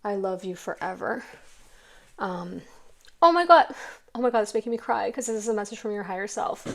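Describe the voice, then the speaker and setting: A woman's voice: fairly high pitch, expressive, fast, a bit bright. A middle-aged woman giving a pick-a-card tarot reading in a chatty, emotional, rambling way.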